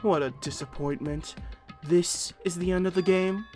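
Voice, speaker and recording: A man voicing a cold, arrogant rich teenage boy in a game, calm, emotionless and condescending. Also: high voice, normal speed, faint music behind, close to an everyday voice.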